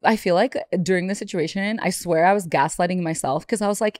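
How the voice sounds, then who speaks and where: A woman's voice: on the low side, fast talker, no echo, clean studio sound. Laughing chatty woman podcaster. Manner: animated storytelling, laughs often, acts out quotes. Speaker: podcast co-host. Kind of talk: casual chat.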